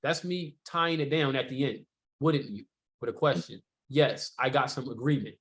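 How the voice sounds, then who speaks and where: A man teaching sales technique in a relaxed, conversational way, often checking in with rhetorical questions and filler words. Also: medium pitch, moderate pace. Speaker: sales trainer. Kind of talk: casual sales training talk.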